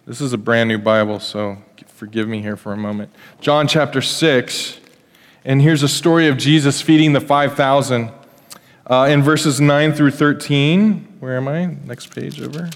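A man preaching a sermon in a church, telling the story in a conversational, animated way and acting out the quotes. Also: mid-range voice, moderate pace. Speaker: pastor. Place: church hall. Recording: echoey church hall.

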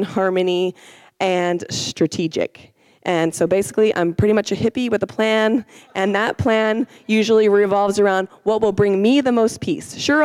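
A woman's voice: mid-range voice, a little mellow, no echo. A woman teaching an informal sermon, chatty and self-deprecating, with many fillers and restarts.

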